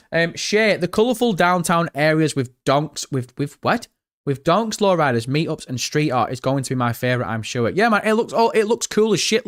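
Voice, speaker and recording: A man's voice: fairly high pitch, no room sound, clean studio sound. A man with a northern English accent, live-streaming reaction commentary in a chatty, joking way, reading viewer messages aloud. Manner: chatty, jokey, reads chat aloud.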